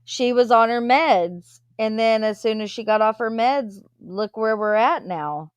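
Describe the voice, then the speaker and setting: A woman's voice: fairly high pitch, unhurried, clear, resonant tone, no room sound, highs cut off. A woman hosting a live stream, chatting casually as she reads viewer comments aloud and answers them.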